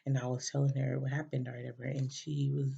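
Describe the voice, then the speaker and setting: A podcast host with a rumbling low, gravelly, dark voice and a breathy edge tells a personal story, speaking quickly in a level tone. She rambles casually, with plenty of fillers and restarts. The recording is dull and lo-fi.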